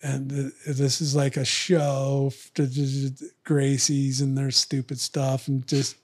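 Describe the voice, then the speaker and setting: A man's voice: medium pitch, completely flat delivery, takes it slowly, a little mellow, slightly rough. A man telling a long story in casual podcast chat, acting out other people's lines in raised voices. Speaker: podcast guest, retired fighter.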